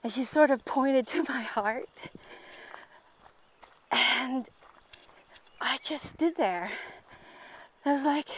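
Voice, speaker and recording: Brief: woman, slightly high voice, unhurried, candid and bubbly, filmed on a camera while walking outside. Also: animated. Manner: bubbly, candid, laughs often. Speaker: vlogger on a walk. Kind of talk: casual personal storytelling. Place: outdoors, walking.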